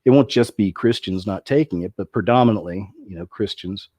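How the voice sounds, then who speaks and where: Deep-voiced man rambling through commentary. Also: a little fast, mellow, no echo. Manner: rambling, with many restarts and asides. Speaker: video commentator.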